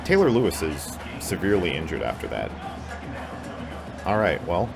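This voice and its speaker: A young man with a deep, low voice narrates his own video game match in casual play-by-play. He sounds sarcastic and exasperated, and he curses freely at his players. Game music plays clearly behind him. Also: sing-song, normal speed. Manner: frustrated, swears a lot, sarcastic, prone to angry outbursts.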